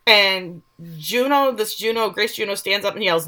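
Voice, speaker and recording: A woman's voice: medium pitch, normal speed, few pauses, bright, forceful tone. A woman co-hosting a podcast, casually recapping episodes and quoting the characters with animation. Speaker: podcast co-host.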